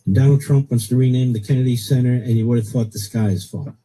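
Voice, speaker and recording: A man's voice: medium pitch, fairly even intonation, quick pace, mellow, rough recording. A middle-aged man hosting a political talk radio show, blunt and opinionated, repeating his points for emphasis.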